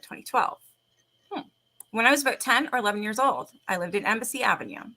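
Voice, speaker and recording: A woman's voice: fairly high pitch, sharp tone. A woman host, chatting casually in a rambling, laughing way and reading ghost stories aloud.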